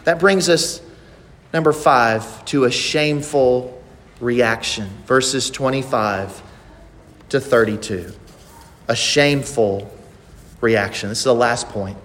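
A man's voice: medium pitch, slow, pauses often, a bit bright, big-room sound. A man preaching a sermon who presses the listeners with pointed rhetorical questions. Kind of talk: expository sermon.

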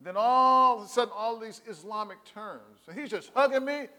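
A man's voice: very high voice, moderate pace, in a large hall. A man preaching a sermon as pastor, telling stories with quoted voices and calling for "Amen" from the congregation. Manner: call-and-response preaching, asks "Amen?"; animated storytelling with quoted voices.

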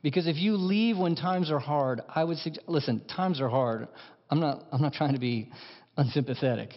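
A man preaching a sermon as pastor, impassioned, dropping to hushed lines and rising to emphatic ones. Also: fairly high pitch, moderate pace. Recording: dull sound in a large reverberant hall.

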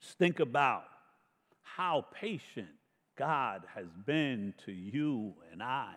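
A man preaching a sermon in slow, emphatic phrases, swelling to loud questions and dropping to a hush. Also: mid-range voice, expressive. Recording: long reverb of a large hall.

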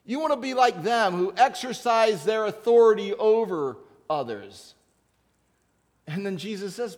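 A man preaching a conversational sermon, acting out Bible characters in quick asides. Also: high voice, expressive, darkish tone. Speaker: pastor.

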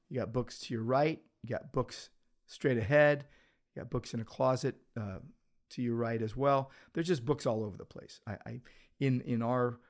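A man, a pastor co-hosting a church podcast, talking in a loose, rambling way with many restarts, recorded in an office. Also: mid-range voice. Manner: rambling, with frequent restarts and filler. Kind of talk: casual chat. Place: office full of books.

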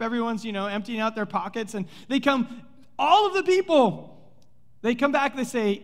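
A man preaching a sermon as pastor, telling the story in an animated way and playfully acting out the characters with sarcasm. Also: very high-pitched, normal speed. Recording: long hall reverb.

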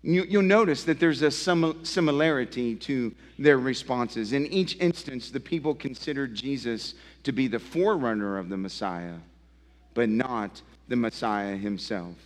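A male pastor preaching a sermon in a church, emphatic, building through repeated phrases and dropping low for effect. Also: normal speed. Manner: emphatic, building repetition with dramatic drops. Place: church sanctuary. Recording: long church hall reverb.

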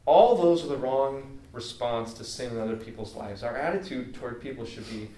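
With a mellow mid-range voice and lively intonation, a man speaks at a moderate pace with hardly any pauses, preaching an earnest, everyday-style sermon full of fillers. The informal talk was recorded in an echoey room from a distance, with a little hiss or hum.

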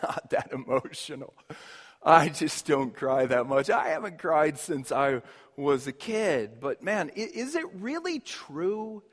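Male pastor, high voice, slow and deliberate delivery, passionate sermon with hushed drops, long hall reverb. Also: breathy edge. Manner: impassioned, swings from loud emphasis to hushed near-whisper.

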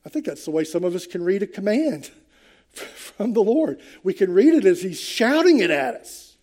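A man's voice: high-pitched, very animated, normal speed, darkish tone. An older man preaching a sermon to his congregation in church, earnest and conversational, with hesitant fillers. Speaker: pastor.

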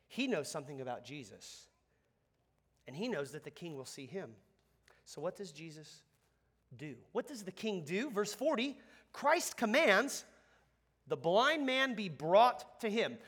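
Animated high-voiced male preacher. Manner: animated, conversational preaching with congregation call-and-response. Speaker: pastor. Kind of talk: sermon.

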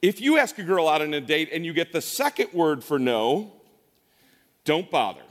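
Animated middle-aged pastor in a reverberant church. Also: male voice, fairly high pitch, moderate pace. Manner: casual, joking, animated preaching with frequent restarts. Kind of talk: conversational sermon. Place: church sanctuary.

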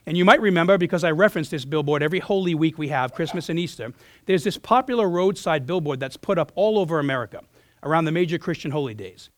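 Hoarse guy preaching a sermon, kinda high voice, dry sound, keeps clearing his throat. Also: expressive, fast, no room sound. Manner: earnest, with frequent restarts and throat clearing. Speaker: pastor. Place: church.

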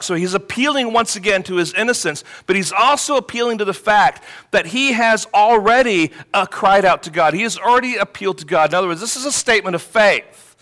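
A man delivers an expository sermon in a high voice. His tone is bright and ringing, and he presses hard on the scripture he reads aloud. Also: brisk. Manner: expository preaching, emphatic when quoting scripture. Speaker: pastor.

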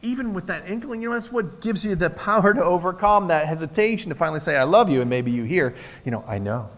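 A man preaching a sermon as pastor, earnest and impassioned, with dramatic pauses between phrases. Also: sits high, animated, fairly bright tone. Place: church sanctuary. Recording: long hall reverb.

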